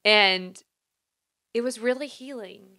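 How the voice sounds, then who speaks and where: A woman in her thirties, co-hosting a podcast, shares a personal story openly and emotionally in casual conversation. Her voice sits on the high side, pushed and bright, and she speaks slowly.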